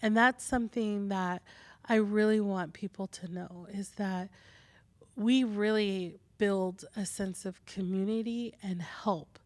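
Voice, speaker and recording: A woman midwife at a community panel, telling stories with lively acted-out dialogue. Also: mid-range voice, slow, dry recording. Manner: animated storyteller who acts out quoted dialogue. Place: small studio theatre, live forum.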